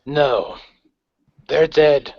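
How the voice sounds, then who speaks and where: A man's voice: on the high side, vocal fry, no echo, heavily acted. A man playing a cold menacing gang leader. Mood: grim. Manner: measured, menacing calm. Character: grim cold male gang leader, phantom-like. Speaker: player voicing his character. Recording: dry, dull lo-fi recording.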